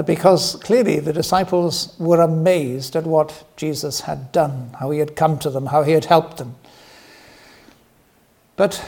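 A man preaching a sermon in a gentle, earnest way. His voice is mellow and gravelly, and it sits a little high. He slows down and softens when he wants to stress a point. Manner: gentle, earnest storytelling with soft, slowed emphasis.

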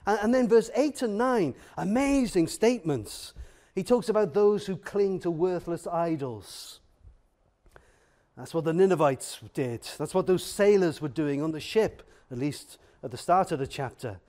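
A man preaching a sermon in an earnest, emphatic way, with many pauses and fillers. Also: fairly high pitch, expressive, darkish tone.

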